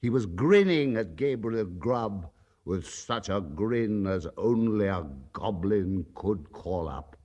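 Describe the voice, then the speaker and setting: A man narrating a dark holiday story in a measured, dramatic way. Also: on the low side, lively intonation. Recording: reverb with music behind.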